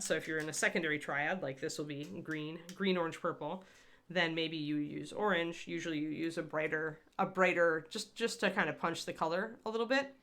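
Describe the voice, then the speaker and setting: A woman speaks briskly in a low, slightly bright voice with fairly even intonation. She's livestreaming a casual miniature painting demo, answering viewers in the live chat in a chatty, rambling way.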